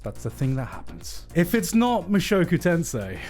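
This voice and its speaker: A man streaming live, reacting to anime award nominations in an emphatic, swearing, animated commentary. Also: a little high, moderate pace, soft background music.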